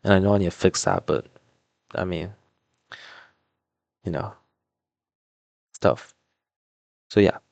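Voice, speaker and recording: Low, flat-voiced young guy. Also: takes it slowly, gravelly, long pauses, no room sound, highs cut off. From Toronto, Canada. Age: young adult. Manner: rambling, filler-heavy, lots of "like" and "um"; laid-back, mumbling asides while doing a puzzle. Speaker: vlogger. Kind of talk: casual storytelling.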